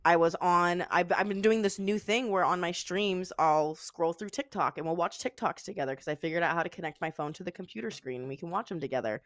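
A young woman co-hosting a podcast in casual chat, animated, swearing freely and saying "bro" and "like" a lot. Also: on the low side, brisk, hardly any pauses, dry recording, clean studio sound. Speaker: podcast co-host and streamer.

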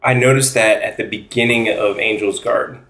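A man with a lowish voice talks with enthusiasm, recounting shared memories in a casual chat. His voice carries a roomy echo. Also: steady tone, normal speed, fairly bright tone.

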